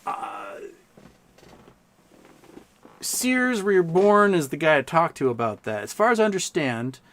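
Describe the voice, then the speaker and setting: Hosting a livestream, a man in his thirties spins rambling, filler-heavy stories in casual conversation. His high, slightly bright voice has lively intonation and a measured pace.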